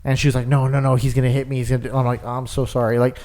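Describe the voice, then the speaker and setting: A young man chatting on a podcast, with a middle-pitched voice that sits right in the usual range. He tells stories in a rambling, casual way, packed with fillers and restarts. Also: level tone, racing, dark tone. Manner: rambling storyteller, lots of "like". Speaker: podcast co-host. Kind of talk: casual chat.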